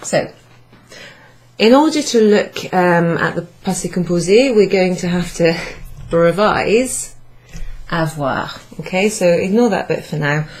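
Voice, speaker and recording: A woman leads a French grammar class, her voice sitting a little low. She talks slowly and patiently, repeating herself and sounding out each French phrase with care. She speaks indoors to a live class. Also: expressive, darkish tone. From Wales. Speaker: French teacher. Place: pub function room, indoors.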